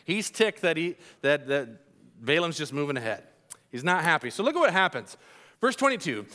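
A man preaching a sermon in an animated, storytelling way, with folksy asides. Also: a little high, normal speed.

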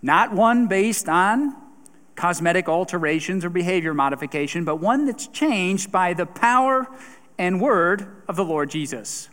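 A man's voice: sits high, expressive, unhurried, a bit bright. A man preaching a sermon in a conversational way, with a few fillers and repeated words. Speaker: pastor. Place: church sanctuary. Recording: long church reverb.

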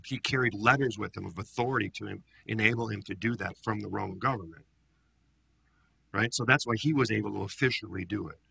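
Man, pastor, bible study teaching, animated, conversational, gravelly, husky. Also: lowish voice. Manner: animated, conversational, acts out quotes.

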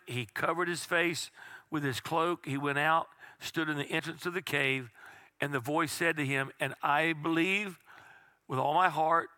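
Bright-voiced pastor preaching slowly. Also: male voice, a little high, dry recording. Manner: slows right down for key phrases, drops to a hush for quiet lines. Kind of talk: sermon. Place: church sanctuary.

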